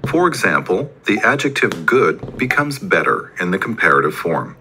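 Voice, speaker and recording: A man reading a scripted grammar explanation in an even, textbook-like way. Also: low voice, moderate pace, over music. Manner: even, textbook-like delivery without fillers. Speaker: recorded lesson narrator.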